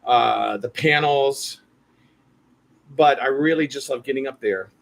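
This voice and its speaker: A man chatting casually on a live stream, telling stories with playful, animated energy. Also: medium pitch, a little slow, creaky. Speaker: show regular and guest voice actor.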